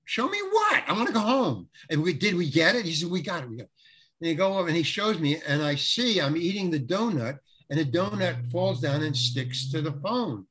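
A man's voice: fairly high pitch, a little fast, husky. A middle-aged man casually telling a long anecdote, laughing often and acting out what people said. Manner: animated storyteller, laughs often, acts out quotes. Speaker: guest telling a story.

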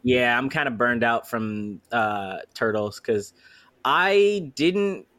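A man from Queens with a New York accent, co-hosting a casual podcast and talking in an animated, swearing way. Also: medium pitch, slow, dry recording. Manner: animated, swearing, lively storytelling. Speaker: podcast co-host. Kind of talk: casual chat.

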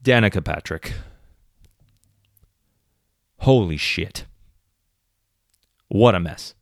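A man's voice: low voice, animated, extremely slow, creaky, no room sound, clean studio sound. A man hosting a solo podcast, ranting sarcastically with plenty of swearing. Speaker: podcast host.

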